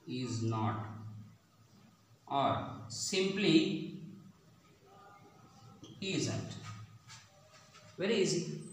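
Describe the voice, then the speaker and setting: A man teaching grammar, explaining slowly and repeating example phrases. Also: mid-range voice, slight background noise. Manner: slow, repetitive explaining with drawn-out words. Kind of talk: classroom-style grammar lesson. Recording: very echoey room, distant mic.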